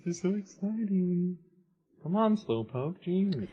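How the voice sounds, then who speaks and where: A man's voice: high-pitched, very animated, measured pace, dull audio, slight background noise. A young man chatting on a live game stream, teasing and giggling gleefully. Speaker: streamer friend. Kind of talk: casual game-stream chat.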